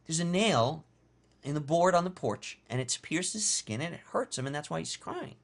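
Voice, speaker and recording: A weary old man rocking on his porch, speaking softly and without hurry, put on by a man telling a story. He answers in a low, matter-of-fact drawl. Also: expressive, moderate pace.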